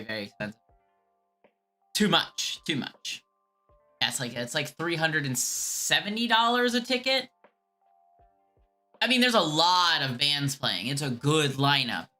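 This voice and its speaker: A woman's voice: extremely low pitch, bright, forceful tone. A woman streamer casually rambling through chat questions in a laid-back way, a voice she calls whiny. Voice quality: calls her own voice whiny.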